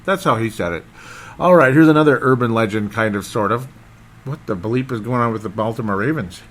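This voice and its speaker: A man hosting a casual football recap podcast, rambling and excitable, often losing his train of thought. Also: medium pitch, brisk. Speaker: sports podcast host.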